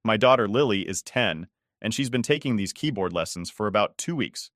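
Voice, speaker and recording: A man's voice: on the low side, animated, fairly quick, fairly bright tone, no echo, clean studio sound. A man narrating a first-person story in a casual, conversational way, swearing often.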